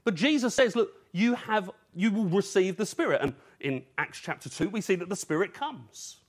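A man's voice: high-pitched, expressive, moderate pace. A man from England preaching an evening sermon in an earnest, urgent way, using rhetorical questions.

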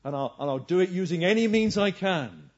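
Male preacher with a fairly high voice, fervent and questioning, on a muffled lo-fi recording. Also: lively intonation, fairly quick. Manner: rhetorical questions, swinging between hushed and forceful emphasis. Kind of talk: sermon.

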